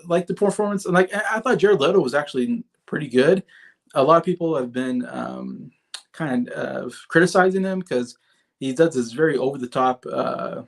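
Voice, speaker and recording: On a relaxed livestream, a thirtysomething man with a creaky, mid-range voice meanders through movie reviews, restarting often and filling gaps with filler words. He keeps up a conversation with viewers in the comments.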